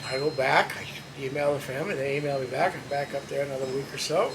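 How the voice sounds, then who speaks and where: A man telling a casual anecdote in an animated way, lifting his voice when he quotes people. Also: medium pitch, quick pace, background noise. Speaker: storyteller.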